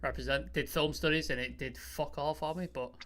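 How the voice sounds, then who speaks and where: A man's voice: on the high side, steady tone, brisk, fairly bright tone, slight background noise. A man in casual chat, blunt and sweary in his banter. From Greater Manchester.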